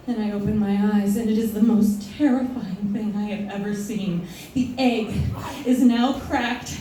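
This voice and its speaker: A woman telling a personal story live on stage in an animated, self-mocking way, often laughing through her lines. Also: mid-range voice, normal speed. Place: stage in a hall before an audience. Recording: echoey hall, distant mic, audience.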